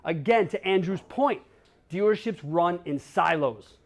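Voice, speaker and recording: Speaking unhurriedly in a high, expressive voice, a man from Wisconsin gives a keynote talk in a conference hall. His style is blunt and jokey, with audience banter and a swear word here and there.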